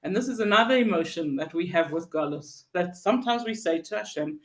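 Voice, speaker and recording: A teacher giving a Torah lesson on Psalms, halting with many fillers and restarts, telling stories and acting out the people in them. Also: medium pitch, lively intonation. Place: synagogue hall. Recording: roomy echo.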